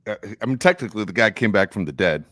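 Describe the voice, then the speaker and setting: Deep-voiced middle-aged man telling stories. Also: fast talker, dry recording, clean studio sound. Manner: animated storyteller, acts out quotes. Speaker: podcast co-host. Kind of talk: casual sports chat.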